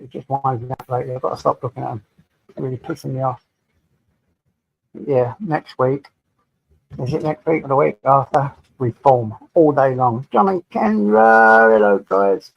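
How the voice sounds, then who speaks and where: A man's voice: medium pitch, vocal fry, no room sound, highs cut off. An English man hosting a casual live stream from home, greeting viewers by name and chatting to them. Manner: chatty, addresses viewers by name, talks to his dog. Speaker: livestream host.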